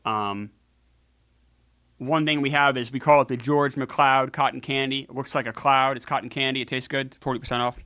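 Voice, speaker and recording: A man's voice: mid-range voice, fairly even intonation, moderate pace, sharp tone, smooth, dry recording. A man hosting a casual video game playthrough, joking with viewers and cursing freely as he comments on the game. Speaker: gaming show host.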